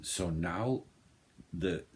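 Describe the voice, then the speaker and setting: Very deep-voiced, slow Danish man. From Denmark. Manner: halting, restarts often, searches for words. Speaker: vinyl music vlogger. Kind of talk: casual rambling chat.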